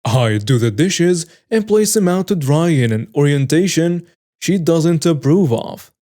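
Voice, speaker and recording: A man narrates stories from the internet in a mellow, rounded voice that is pitched a little high for a man. He reads them plainly and then adds wry, amused comments of his own. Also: lively intonation, a little slow. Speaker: story narrator. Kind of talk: reading online stories aloud with commentary.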